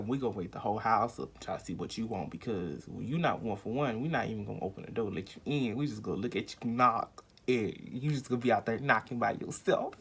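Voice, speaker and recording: A man's voice: medium pitch, a bit bright, husky. A young man telling a rambling, emphatic storytime vlog at home, full of fillers and acted-out quotes. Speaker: vlogger.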